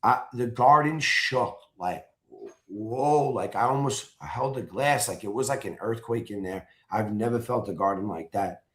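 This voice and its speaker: A man in casual chat, excitedly telling a story and acting out his own shouted chants. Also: lowish voice, unhurried. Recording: roomy echo.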